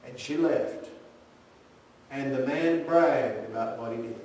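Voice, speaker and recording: Earnest preacher in an echoey church. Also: male voice, slow pace, long pauses, a little mellow. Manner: earnest storytelling with direct questions to the congregation. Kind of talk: sermon. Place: church sanctuary. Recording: very echoey church, voice from far off, faint rumble.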